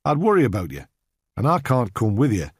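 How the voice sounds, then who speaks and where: A man's voice: medium pitch, huge pitch swings, brisk, husky, dry recording, studio quality. A man as a plain, protective family man. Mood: concerned. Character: homely, concerned family man.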